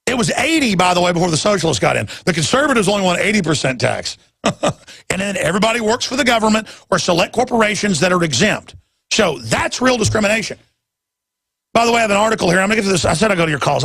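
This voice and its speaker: A man rants through a talk radio monologue, rambling and then jumping into sudden loud emphatic bursts. His voice sits fairly high, with a rough gravelly fry and a husky edge. The sound is close and dry. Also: sing-song, very fast, no room sound.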